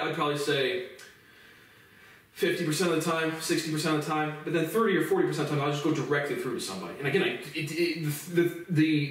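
A man's voice: on the high side, a bit bright. A man in his twenties ranting angrily on his own, swearing a lot and stumbling over restarts as he talks. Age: 20s. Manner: profane, heated, repetitive restarts. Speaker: vlogger. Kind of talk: angry monologue rant. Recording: very echoey room, voice far from mic.

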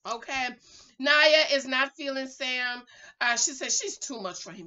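A middle-aged woman giving a casual, sassy recap of a reality show and breaking into loud exclamations. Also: high-pitched, measured pace, muffled recording.

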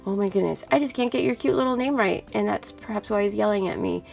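A young woman hosting a toy unboxing video, gushing softly over each cute plush and reading out their names. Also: mid-range voice, fast talker, gravelly, soft background music. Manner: gushing, soft and cooing over cute toys.

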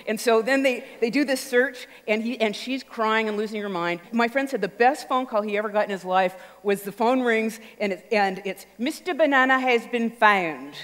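A woman speaks at a mid pitch in an animated, storytelling stage talk, acting out little voices as she goes. Her voice carries through a large auditorium with a long, ringing reverb. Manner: animated, acts out voices and sounds.

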